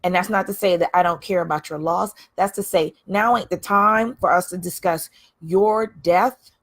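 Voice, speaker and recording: A woman hosting a candid livestream, talking bluntly and emphatically, repeating phrases to drive her points home. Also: medium pitch. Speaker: livestream host.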